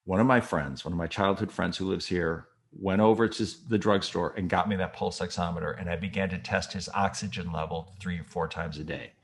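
A man telling a personal story in an interview, earnest, and quick and agitated when reliving tense moments. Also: low-pitched. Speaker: guest recounting a personal experience.

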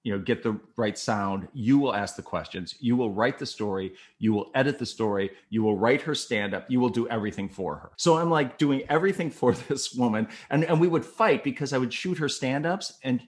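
An older man, a former TV news photographer and reporter, telling stories from his career in a casual, animated way and acting out the people in them. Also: mid-range voice, brisk, few pauses. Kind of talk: casual anecdotal storytelling.

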